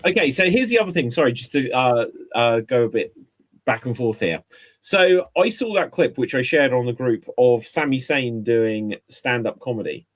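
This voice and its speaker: A man talking casually on a podcast, and his voice sits at a middling pitch. He rambles and restarts as he shares strong opinions. His voice comes through a video call mic. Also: lively intonation, normal speed. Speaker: podcast co-host. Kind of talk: casual chat.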